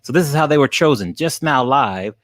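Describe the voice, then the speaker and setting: A man's voice: mid-range voice, expressive, brisk, fairly bright tone. A man streaming live, laughing often and thanking viewers by name as he gets through the questions. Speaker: streamer and college teacher.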